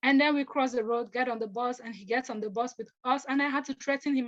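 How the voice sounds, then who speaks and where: A young woman from Africa telling personal stories as a panelist, earnest and halting, often restarting her sentences and acting out what others said. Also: on the high side, steady tone, fairly bright tone, highs cut off. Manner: earnest, halting, with restarts, acts out quoted speech.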